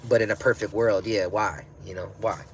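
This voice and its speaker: A man's voice: fairly low pitch, fairly even intonation, normal speed, slight background noise. Rambling stoned guy chatting on a livestream. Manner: rambling, slangy, laughs often. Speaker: livestream host. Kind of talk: casual livestream chat, reading comments.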